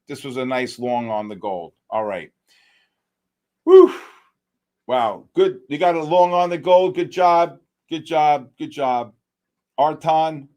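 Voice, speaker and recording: Excitable man hosting a live trading stream. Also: medium pitch. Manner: animated, exclamatory, talks to chat by name. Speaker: livestream trading host. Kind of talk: excited live market commentary.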